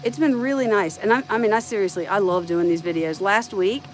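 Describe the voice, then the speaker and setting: Her medium-pitched voice moves fairly quickly through poor audio with a bit of hiss or hum. A middle-aged woman from the United States with a light Southern lilt, she talks informally on a live stream about her printer while thinking out loud.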